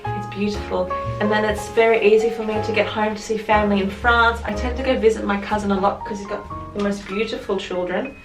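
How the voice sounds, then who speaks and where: Music plays behind an Australian woman as she vlogs from an echoey home room, chatting casually to camera, rambling, and correcting herself mid-sentence. Her mid-range voice moves a little fast and is captured by a mic at a distance.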